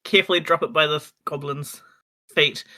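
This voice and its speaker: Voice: mid-range voice, normal speed, bright, forceful tone. A tabletop game player describing their character's actions in a chatty, playful way. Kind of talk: casual tabletop play.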